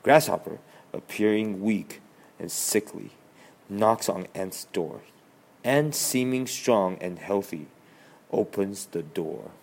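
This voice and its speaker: Narrator reading stage directions, slow, lowish voice. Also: male voice, a little mellow. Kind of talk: reading a children's play script.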